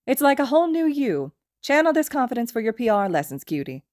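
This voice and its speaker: Flirty adult woman teacher, teasing praise, voiced by a woman narrator, pitched well up. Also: big pitch swings, a little fast, a little mellow, no room sound, clean studio sound.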